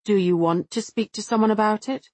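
A woman voicing a quiet, wry man. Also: medium pitch, a little fast, no echo, lightly acted. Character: calm gentle adult man, a partner.

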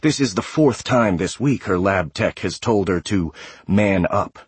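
A man narrating a sci-fi audiobook in a steady, measured way. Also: low-pitched, slightly rough, dry recording. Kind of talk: scripted narration.

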